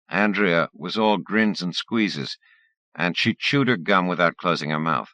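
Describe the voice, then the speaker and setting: A man narrating a first-person short story for an audiobook in a lively, expressive way. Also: extremely low pitch, moderate pace, dry recording.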